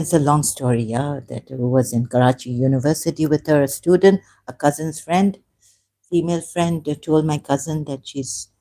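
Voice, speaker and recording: A woman's voice: sits low, mellow. Emotional woman rambling through her story. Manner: rambling, halting, with restarts and self-corrections. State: emotional, close to tears. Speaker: ex-Muslim telling her personal story. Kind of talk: emotional personal testimony.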